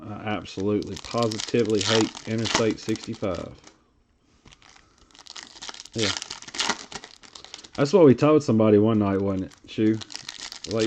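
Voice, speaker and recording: A man's voice: fairly low pitch, unhurried, long pauses, noisy background. A man with a Tennessee Southern accent hosting a live card break, reading off player names in a laid-back drawl while chatting with viewers. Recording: lo-fi stream audio.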